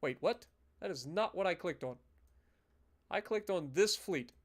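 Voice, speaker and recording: High-voiced man streaming a game. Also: a little slow. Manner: casual, animated, swears and mock-rants. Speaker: gaming streamer. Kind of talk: live gameplay commentary.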